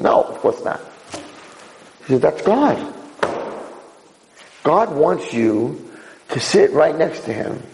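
Male rabbi, Torah lecture, animated with sudden high leaps, gravelly tone, roomy hall sound. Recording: echoey hall.

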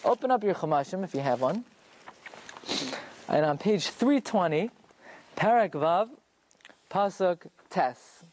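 Male Torah teacher with a lively, swooping delivery, leading a classroom lesson through question and answer. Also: sits high, unhurried, pauses often, a little hiss or hum. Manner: explains through rhetorical questions and answers them himself.

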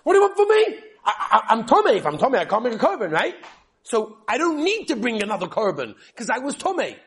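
A man's voice: extremely high pitch, wildly swooping pitch, quick pace, husky, pitched above the performer's own voice, full character voice. A man putting on a whiny excuse-making young guy. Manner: complaining, pleading, exaggerated.

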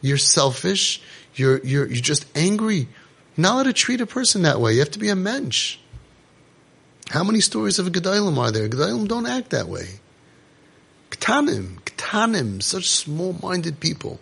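A man from a parenting organization delivers an impassioned monologue like a passionate preacher, his voice gravelly, husky, and slightly higher pitched, at normal speed. He's animated, preaching, tossing out rhetorical questions and using Yiddish and Hebrew terms.

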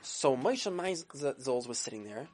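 Animated woman telling a children's story. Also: rumbling low, unhurried, heavy background noise. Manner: dramatic, with sound effects and voices.

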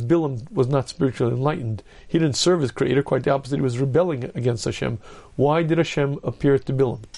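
A man giving a storytelling sermon as a rabbi, narrating vividly and clearing his throat often. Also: on the high side, a little mellow.

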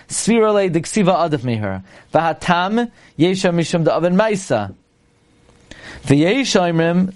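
A man's voice: on the high side, a little mellow. A man teaching a halacha lesson in full of Hebrew terms, reading passages and translating them as he goes. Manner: quick, explanatory, translating phrases as he reads. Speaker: Torah teacher.

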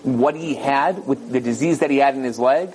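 A middle-aged man giving a sermon on a Torah lesson, telling stories in an animated way and acting out the voices in them. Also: normal speed. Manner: animated storytelling, acts out voices with big pitch swings. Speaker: rabbi giving a Torah talk.

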